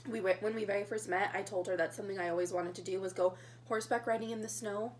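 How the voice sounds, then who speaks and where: A woman's voice: medium pitch, steady tone, fast, a little hiss or hum. A young woman telling a story in a casual mukbang vlog, chatting while she eats. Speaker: vlogger.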